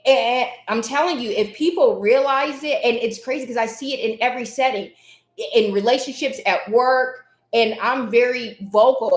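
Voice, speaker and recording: A woman hosts a motivational live stream, speaking with emphasis and circling back to the same phrases again and again. Her voice sits a little high. The sound has a roomy echo around it. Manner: emphatic, repeats key phrases, reads chat names aloud.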